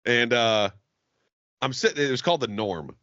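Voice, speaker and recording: A man's voice: moderate pace, no room sound, lo-fi sound. A man co-hosting a comedy podcast, telling profane stories in casual banter and laughing often. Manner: profane storytelling, laughs often, lively swings in pitch.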